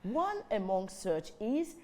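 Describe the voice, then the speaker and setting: A woman hosting a children's show, telling a story in a lively way and calling on the audience to join in. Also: mid-range voice, takes it slowly.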